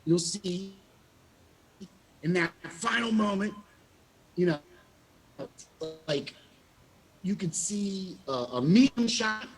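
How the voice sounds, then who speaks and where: A man, a former child actor, telling animated stories in a casual interview and acting out the quotes. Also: high voice, takes it slowly, pauses often. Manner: animated storyteller, acts out quotes with laughs.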